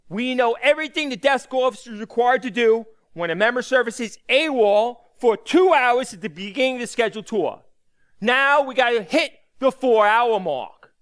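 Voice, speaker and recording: A man's voice: extremely high pitch, fairly bright tone, clear, resonant tone. A man teaching a lecture, talking conversationally, asking the class rhetorical questions and repeating key points for emphasis. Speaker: instructor.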